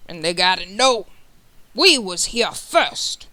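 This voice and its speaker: A man's voice: high-pitched, big pitch swings, slow pace, sharp tone, dry recording, exaggerated voice. A man voicing a drawling, slurring Southern menagerie hand with a folksy manner. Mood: blustery. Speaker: tabletop game player.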